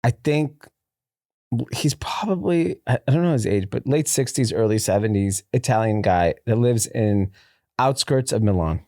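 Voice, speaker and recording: In a dry, studio-quality recording, a man with a lowish voice speaks at normal speed as co-host of a casual podcast. He tells stories animatedly, laughing often and swearing freely.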